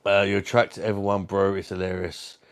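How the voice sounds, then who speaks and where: A man's voice: sits low, monotone, brisk, clear, resonant tone. A British man hosting a live stream, reading comments and joking about himself while swearing freely. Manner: jokey, self-mocking, swears freely.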